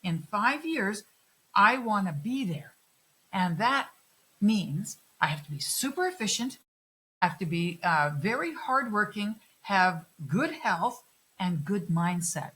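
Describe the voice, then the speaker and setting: Animated, salty-tongued woman telling stories. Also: mid-range voice, slow, rough recording. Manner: animated, swears freely, acts out quoted voices. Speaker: guest. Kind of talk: candid conversational storytelling.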